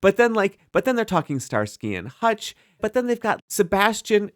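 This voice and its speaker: A woman co-hosting a podcast, chatting casually about a TV episode, quick to joke and trailing off mid-thought. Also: medium pitch, big pitch swings. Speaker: podcast co-host. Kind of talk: casual chat.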